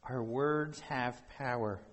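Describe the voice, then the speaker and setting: A man's voice: medium pitch, takes it slowly, in a large hall. A man preaching a sermon as pastor, talking to the congregation in a conversational way with rhetorical questions.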